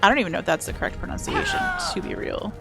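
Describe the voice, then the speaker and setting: A woman streaming a game and chatting casually, excitable and joking, with frequent swearing. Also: medium pitch, rapid-fire, gravelly, over loud music. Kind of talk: casual livestream commentary while playing.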